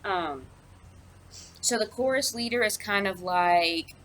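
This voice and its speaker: A woman's voice: medium pitch, slow, fairly bright tone, slight background noise, poor audio. A young woman, an English teacher, casually explains a play with lots of ums and asides. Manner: chatty, with many fillers and asides. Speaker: high school English teacher. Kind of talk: casual recorded lesson.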